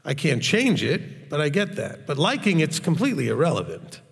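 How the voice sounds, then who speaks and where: A man's voice: on the high side, very animated, moderate pace, vocal fry, long reverb tail. A man teaching the Bible in a blunt, hard, straightforward way, often checking in with his listeners. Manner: conversational, asks the audience questions. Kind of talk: informal recorded teaching.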